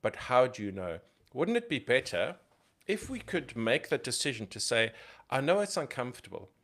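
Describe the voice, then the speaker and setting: A man's voice: medium pitch, wildly swooping pitch, normal speed, a bit bright. A man co-hosting a tech podcast, explaining security ideas emphatically with lots of rhetorical questions. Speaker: podcast co-host.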